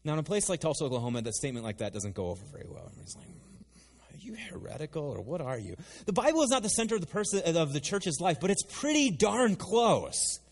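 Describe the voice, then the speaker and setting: A man preaching a sermon in a lively, conversational way with playful asides. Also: on the high side, rapid-fire, few pauses. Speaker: pastor. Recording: long hall reverb.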